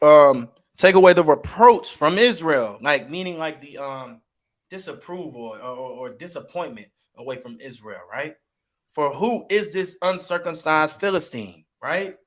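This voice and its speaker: A man teaching from the Bible in an emphatic, animated, slangy way. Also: high-pitched. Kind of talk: street preaching commentary.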